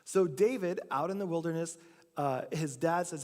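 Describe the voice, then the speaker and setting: A man's voice: a little high, moderate pace, a little mellow. A man preaching a sermon, telling a story casually and acting out the quotes himself. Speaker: pastor. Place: church sanctuary. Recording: long church hall reverb.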